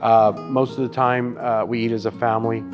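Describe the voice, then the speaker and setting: A man in his thirties, a barbecue chef, telling stories in a casual interview, animated and profane. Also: medium pitch, a little fast, muffled recording, over music. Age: 30s.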